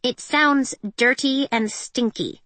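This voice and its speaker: A woman voicing a small female android with a deadpan, sarcastic manner, in an audiobook reading. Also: high voice, takes it slowly, dry recording, voice pushed up, heavily acted.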